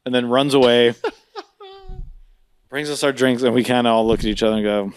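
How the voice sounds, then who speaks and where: A podcast co-host tells a funny story in casual chat, laughing often and mimicking voices with big pitch jumps, animated throughout. He speaks at a moderate pace with frequent pauses, in a clean tone with no echo and clean studio sound.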